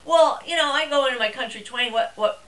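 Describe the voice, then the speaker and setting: A woman's voice: high voice, a bit bright, far from the mic, pitched above the performer's own voice, low-quality recording. Woman mimicking an eager, pushy husband. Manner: rapid, insistent questions. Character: eager husband pushing about voices.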